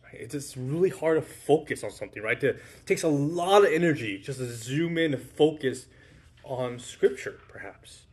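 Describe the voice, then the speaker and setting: A man's voice: medium pitch, animated, moderate pace. A man preaching a sermon to his congregation in a conversational way, often checking in with "right?". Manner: informal, with fillers and restarts. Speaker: pastor.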